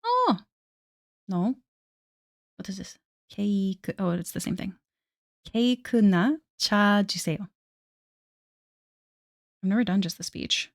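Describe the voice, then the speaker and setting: A woman's voice: mid-range voice, wildly swooping pitch, moderate pace, gravelly, long pauses, no echo. Woman, casual streamer; chatty, self-mocking, laughs a lot; dry, close sound. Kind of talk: casual live-stream chat.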